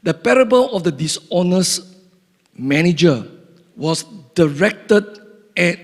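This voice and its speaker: A man preaching in a church sanctuary, his somewhat high voice husky and a little breathy. He reads scripture slowly and deliberately, then explains it with frequent fillers. The sound rings out with the long reverb of a big hall. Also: expressive. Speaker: pastor. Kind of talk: sermon with scripture reading.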